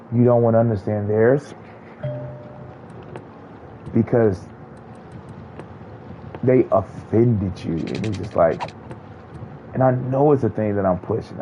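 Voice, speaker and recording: Blunt, profane man ranting with a dark voice. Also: lowish voice, unhurried, gravelly, pauses often, muffled recording, a little hiss or hum. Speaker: streamer. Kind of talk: casual ranting commentary while gaming.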